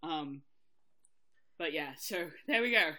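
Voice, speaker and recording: A woman's voice: deep voice, expressive, takes it slowly, pushed and bright. A woman co-hosting a podcast, chatting casually and candidly about a TV mystery adaptation, swearing lightly and laughing often. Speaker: podcast co-host. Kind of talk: casual chat reviewing a TV adaptation.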